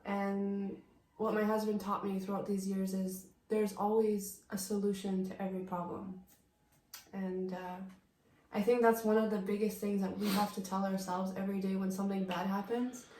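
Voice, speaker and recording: A woman's voice: medium pitch, flat delivery, moderate pace, warm tone, a little hiss or hum. Chatty young woman in an echoey room. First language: Vietnamese. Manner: chatty, fills speech with "like". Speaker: vlogger, wife. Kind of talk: casual Q&A chat.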